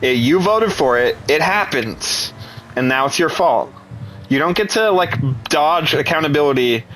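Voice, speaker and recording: Man, mocking profane rant, slightly higher voice, faint noise behind. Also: lively intonation, a little slow, a bit bright, poor audio. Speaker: commentator. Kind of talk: angry political rant.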